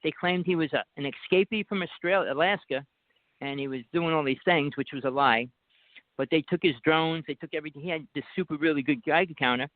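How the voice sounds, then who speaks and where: A man's voice: on the high side, brisk, no echo. Insistent man with a Jersey accent on a phone line. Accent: New Jersey. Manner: rambling, insistent storytelling. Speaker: guest. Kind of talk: casual call-in talk.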